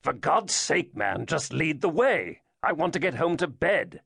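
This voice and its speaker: A man doing a gruff, impatient general who sounds tired of the evening, only lightly set apart from the narrator's own voice. It is read close and dry in an audiobook, with no room sound. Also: a little high, sing-song, a little slow, fairly bright tone, no room sound, pitched above the performer's own voice, full character voice. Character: older British general, gruff and weary.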